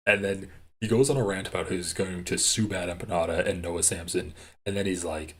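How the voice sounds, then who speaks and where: Heated, husky-voiced male streamer ranting. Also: deep voice, normal speed. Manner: profane, ranting, gets loud and heated. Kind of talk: livestream commentary reacting to clips.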